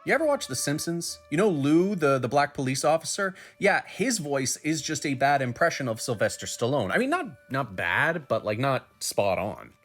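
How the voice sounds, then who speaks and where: A man giving advice to game masters in a lively, joking way, talking straight to the viewer. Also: medium pitch, normal speed, hardly any pauses, soft background music. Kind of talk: advice video talk.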